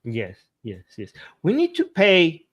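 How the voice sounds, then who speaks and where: A man co-hosting a news talk show in a relaxed way, asking questions and chiming in. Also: fairly high pitch, slow pace, lo-fi sound. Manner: relaxed, asks questions and agrees briefly. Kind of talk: casual news discussion.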